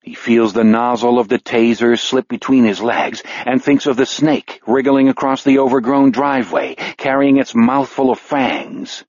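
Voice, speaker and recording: A man reads a grim audiobook at a measured pace, dwelling slowly on the darkest words. The recording is dry and slightly dull. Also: mid-range voice, fairly even intonation, darkish tone, no room sound. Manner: measured, slows on grim details. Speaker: narrator. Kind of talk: audiobook narration.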